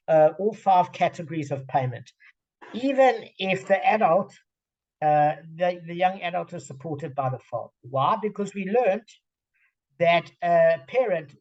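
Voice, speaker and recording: A man's voice: high-pitched, expressive, a little slow, darkish tone, dull audio. A man leading a group through a Talmud page, thinking aloud with many fillers and restarts over a video call. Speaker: Talmud study leader. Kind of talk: explaining a Talmud page to friends.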